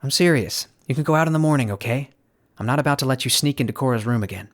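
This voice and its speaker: A man voicing an anxious, caring young woman who pleads and scolds in hushed bursts. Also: medium pitch, quick pace, lightly acted. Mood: exasperated. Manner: pleading, exasperated whispers and shouts.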